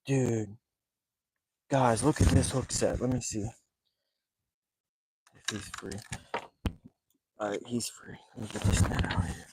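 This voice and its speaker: A man live-streaming a night fishing trip from a small boat, talking in an excited, rambling way and breathing heavily. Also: on the low side, unhurried, long pauses, noisy background. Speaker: fishing vlogger. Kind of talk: live outdoor fishing vlog.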